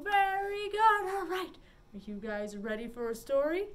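A young adult woman librarian leading a children's story time, animated and sing-song with big pitch swings. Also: normal speed.

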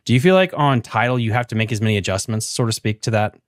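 A man's voice: lowish voice, expressive, quick pace, dry recording, clean studio sound. A man hosting a live fishing podcast, asking long rambling questions in a loose, joking way. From United States. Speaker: podcast host. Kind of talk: casual live podcast chat.

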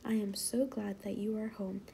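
A woman reading the part of a gentle, hospitable housewife in a storybook read-aloud. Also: mid-range voice, level tone, normal speed, gravelly, a little hiss or hum, close to an everyday voice. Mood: welcoming.

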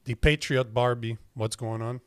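Brief: French-accented man hosting a talk podcast, blunt, emphatic, mid pitch. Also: steady tone, normal speed, smooth. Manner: blunt, emphatic, swears casually. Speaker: podcast host. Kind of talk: casual interview talk.

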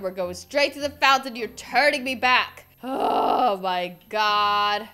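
With a pushed, bright, medium-pitched voice, a gaming YouTuber plays a fed-up mom transformed into a monster. She keeps a measured pace with few pauses, sounding dramatic and exasperated and often repeating herself.

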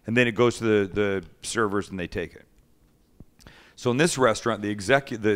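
A man hosting a casual chat, telling a story in a lively way, acting out the people he quotes and swearing freely. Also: fairly low pitch. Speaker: host.

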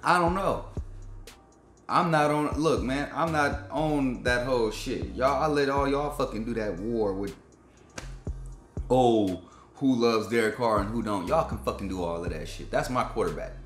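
A man's voice: medium pitch, a little slow, soft background music. A man hosting a sports fan channel, giving a frustrated, profane, slang-heavy rant reacting to his team's game. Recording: echoey room with faint background beat.

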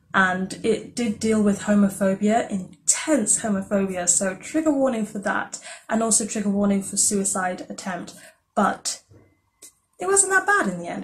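A woman's voice: medium pitch, a little mellow. A woman, talking through her month's books in a casual vlog, chatty and enthusiastic with lots of filler words. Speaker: book reviewer. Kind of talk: casual book wrap-up vlog.

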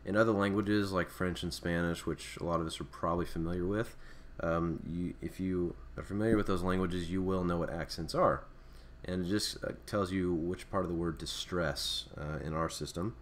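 A man's voice: deep voice, fairly even intonation, normal speed, few pauses, a little hiss or hum. A man teaching a recorded Greek alphabet lesson, explaining off the cuff with many fillers and restarts. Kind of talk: screen-recorded language lesson.

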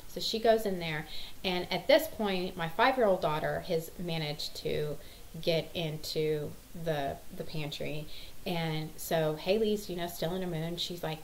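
A woman's voice: on the low side, normal speed, slight background noise, low-quality recording. A woman, rambling through a story about her kids, exasperated. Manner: exasperated, rambling, acts out quotes. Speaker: mother vlogger. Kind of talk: casual storytelling vlog.

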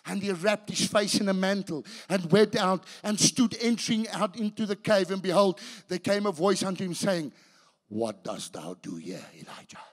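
A man preaching a sermon as pastor, swinging between hushed and shouted passages, often restarting his sentences. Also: high voice, steady tone, normal speed, few pauses. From South Africa. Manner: restarts and repeats words mid-sentence. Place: church.

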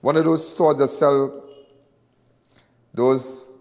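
A middle-aged man with a Trinidadian accent, hosting and speaking to viewers in an impassioned monologue, repeating himself and swinging between loud and hushed. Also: medium pitch, steady tone, slow, big-room sound. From Trinidad and Tobago. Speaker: host.

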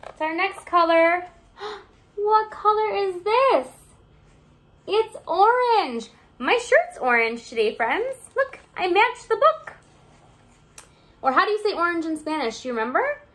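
Her voice is high-pitched and fairly bright as this young teacher reads a picture book to young children. The lesson is sing-song and encouraging, with questions for the kids along the way.

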